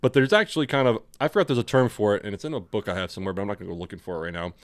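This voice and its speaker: Fast-talking man in dry casual chat. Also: on the low side, no echo. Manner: rambling anecdotes with acted-out inner voice, casual swearing. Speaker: podcast co-host.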